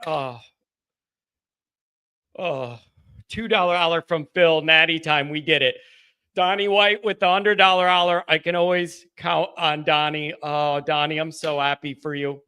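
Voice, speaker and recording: Overwhelmed, high-voiced livestream host. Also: male voice, steady tone, a little slow, bright, forceful tone, clear, resonant tone. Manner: breathless, rambling, loses his place. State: overcome with emotion. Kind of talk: postgame call-in livestream, reading viewer messages.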